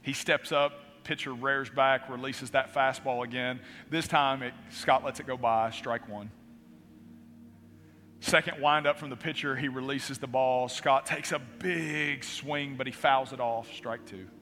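Male pastor, dramatic storyteller, bright ringing voice, long reverb of a hall with faint music under him. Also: medium pitch, fairly even intonation, unhurried. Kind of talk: sermon.

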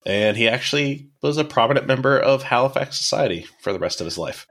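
A man's voice: medium pitch, animated, fast talker, fairly bright tone. A man hosting a podcast, telling a history story in a casual, explanatory way with dry asides. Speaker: podcast host.

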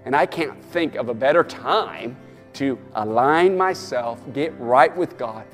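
A man's voice: mid-range voice, lively intonation, measured pace, a bit bright, in a large hall, soft background music. A man preaching a sermon as pastor, rousing his listeners and urging them on with a repeated "come on.". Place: church or studio, preaching to an online audience.

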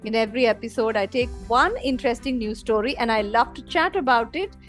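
Casual, high-ish woman's voice, enthusiastic podcast host, light music behind. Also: a little fast. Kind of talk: casual chat.

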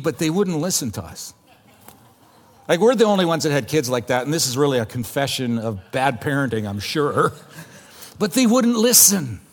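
A middle-aged male pastor delivers a sermon in a slightly higher-than-usual voice. He talks in a relaxed, conversational way, but leans into emphatic points and often drops to a quiet, intense hush to drive them home. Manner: earnest, emphatic, conversational preaching with hushed intense asides.

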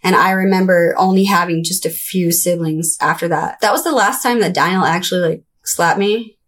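A young adult woman recounting her childhood in a conversational interview, breaking into high, childlike voices when she quotes people. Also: moderate pace, fairly bright tone. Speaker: interview guest. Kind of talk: candid personal storytelling.

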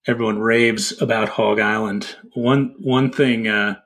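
Husky man telling a casual story. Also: lowish voice, unhurried. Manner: relaxed storytelling, many fillers. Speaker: podcast co-host. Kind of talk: casual chat.

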